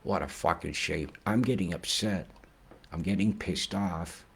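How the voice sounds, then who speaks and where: A man giving a casual weather forecast in a rambling, excitable way, often swearing and slipping into rhymes. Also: low-pitched, measured pace, gravelly, slightly rough.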